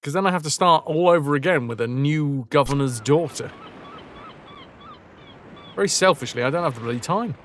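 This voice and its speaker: A man's voice: a little high, normal speed, long pauses, a bit bright, slight background noise. A man chatting and joking as he streams a game, talking to his chat and to the game. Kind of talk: live gameplay commentary.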